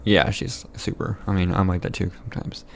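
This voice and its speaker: A young man with a low voice speaks in loose, casual podcast chat. He rambles through stories, leaning on "like" and dropping casual swears. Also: fairly even intonation, brisk, gravelly, slight background noise. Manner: rambling storytelling, heavy filler "like", swears casually. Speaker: podcast co-host.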